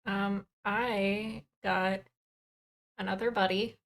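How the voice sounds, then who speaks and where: A woman's voice: medium pitch, level tone, slow. A woman player in a casual tabletop game, talking hesitantly.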